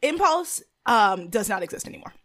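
A woman's voice: a little high, expressive, brisk, fairly bright tone. A woman co-hosting a podcast, chatting casually about a TV show, bubbly, laughing often and swearing casually. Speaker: podcast co-host. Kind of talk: casual chat recapping a TV show.

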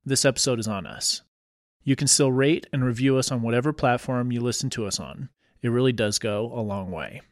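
A man's voice: mid-range voice, brisk, no room sound, clean studio sound. A man co-hosting a podcast, reading the outro in an upbeat, friendly way. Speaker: podcast co-host. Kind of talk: read sponsor-style outro.

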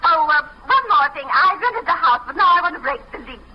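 An actress playing a flighty, giggly glamorous client who gushes, in 1940s radio acting. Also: female voice, sits high, animated, a little fast. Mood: gushing. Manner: gushing, giggly. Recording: muffled old radio recording with faint hiss.

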